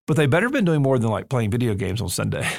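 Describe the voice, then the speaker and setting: A man's voice: medium pitch, sing-song, fast, vocal fry, a little mellow, no room sound. A man hosting a podcast in a studio, talking in an emphatic, earnest way with touches of humor. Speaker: podcast host and seminary leader. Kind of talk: conversational podcast discussion.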